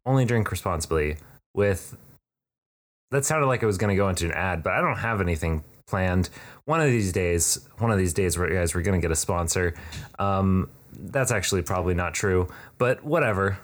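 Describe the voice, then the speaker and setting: A man's voice: deep voice, expressive, brisk. A man hosting a podcast in casual chat, rambling and joking with plenty of fillers. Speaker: podcast host. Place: room.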